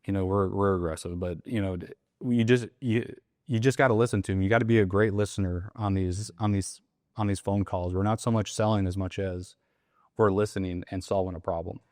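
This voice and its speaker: A man coaching on sales calls in a casual interview, animated and acting out softer and louder phone voices. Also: sits low, brisk, no room sound, studio quality. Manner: animated, acts out soft and loud sales calls. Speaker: sales trainer.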